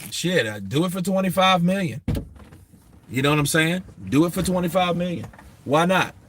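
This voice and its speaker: A man hosting a boxing talk show, answering viewers in a casual, animated, profane way, and laughing often. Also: a little high, normal speed, slight background noise.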